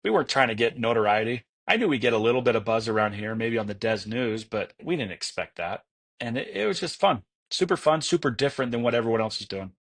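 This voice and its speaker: A man's voice: medium pitch, lively intonation, fast. A man telling stories as an interview guest, enthusiastic and rambling, with many fillers and restarts. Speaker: guest, entrepreneur. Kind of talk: casual interview storytelling.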